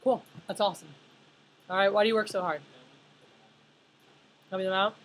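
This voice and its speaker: A woman's voice: mid-range voice, steady tone, moderate pace, rough recording. A woman in her thirties giving a conference leadership talk, chatty and full of fillers, asking the audience questions. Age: 30s. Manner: chatty, filler-heavy, asks the room questions. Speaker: leadership speaker.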